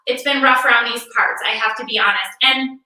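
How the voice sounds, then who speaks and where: A woman's voice: fairly high pitch, steady tone, a little fast, pushed and bright. A middle-aged woman doing a stand-up comedy routine from home, ranting in a sarcastic, exasperated way and repeating words for effect. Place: home room, performing for a virtual show. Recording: very echoey room, far from mic.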